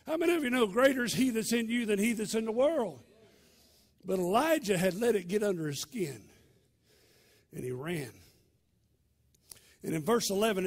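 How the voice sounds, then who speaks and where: Male pastor, high-pitched, mid-sermon in a church, dramatic swings between shouts and hushed lines. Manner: preaching with sudden shouts and hushed near-whispers. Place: church sanctuary.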